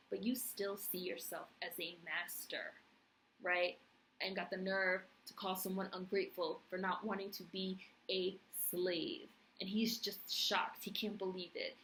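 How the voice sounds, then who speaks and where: A woman's voice: mid-range voice, rough recording. Brief: young woman, casual review vlog, blunt and fired up, faint background hiss. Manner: passionate, blunt, swears freely. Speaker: TV review vlogger. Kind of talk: casual recap and commentary.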